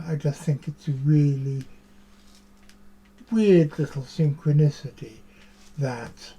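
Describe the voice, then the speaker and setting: A man's voice: medium pitch, dark tone, slightly rough. A man, hosting a show and talking in a rambling, chatty monologue full of musing asides. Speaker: podcast host. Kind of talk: casual monologue to camera.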